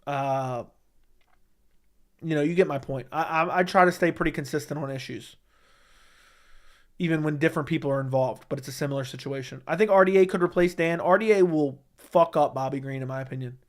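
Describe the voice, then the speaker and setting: Blunt profane livestream host. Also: male voice, a little high, fairly quick. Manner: blunt, profane, dismissive banter. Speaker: livestream host reading chat. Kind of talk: casual livestream chat.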